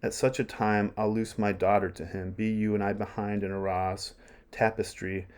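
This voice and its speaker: A man reading aloud as a fussy old courtier who meddles and schemes. The voice sits fairly low, with the lines read plainly. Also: flat delivery, normal speed, a little mellow, clean tone, natural voice.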